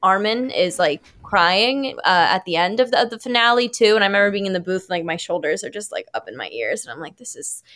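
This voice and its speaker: A young adult woman, an actress guest on a podcast, telling stories in a casual, animated way full of fillers. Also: medium pitch, fairly quick, hardly any pauses. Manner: animated, filler-heavy storytelling.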